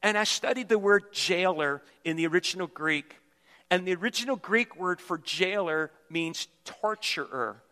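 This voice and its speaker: Male pastor, high bright voice, emphatic sermon delivery, recorded in a reverberant church hall. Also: normal speed. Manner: emphatic preaching with repetitions. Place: church sanctuary.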